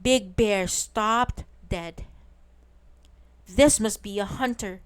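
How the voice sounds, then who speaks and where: Woman narrator for bedtime stories, very slow, smooth and soothing, voice a touch high. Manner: slow, soothing, clearly spoken. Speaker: storyteller. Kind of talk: bedtime story reading.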